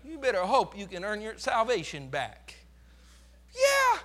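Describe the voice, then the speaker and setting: A man preaching a fervent, emphatic sermon as pastor, swinging between loud declarations and hushed asides. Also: high voice, wildly swooping pitch, takes it slowly.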